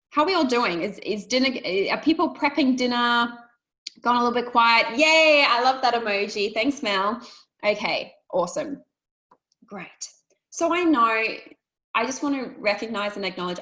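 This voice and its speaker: A woman's voice: on the high side, fairly bright tone, poor audio. A woman, a life coach hosting a webinar on a video call, talking casually and encouragingly to her audience and acting out little dialogues. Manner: chatty and encouraging, acts out quoted dialogue.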